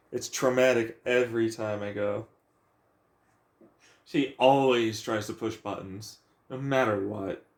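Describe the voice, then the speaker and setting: A young man rants about his frustrations in a profane, agitated, rambling way, his voice sitting at an ordinary pitch. The recording has a noticeably roomy echo around him. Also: steady tone, slow pace, pauses often. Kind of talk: venting personal rant. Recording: echoey room.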